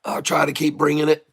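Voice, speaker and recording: This day-trading livestream host gives live trading commentary to chat in a high, hoarse voice worn out from long hours of talking. His tone is fairly bright, and his folksy coaching patter keeps calling viewers "folks," coaxing them and repeating instructions.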